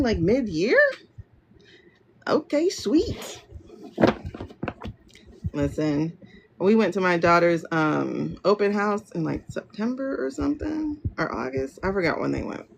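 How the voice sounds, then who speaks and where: Gravelly, lively woman chatting on a livestream. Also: mid-range voice, a little slow. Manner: rambling, chatty, greets viewers by name. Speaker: livestream tarot reader. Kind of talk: casual livestream chat. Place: room at home, indoors. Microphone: phone livestream. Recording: lo-fi livestream with loud noise.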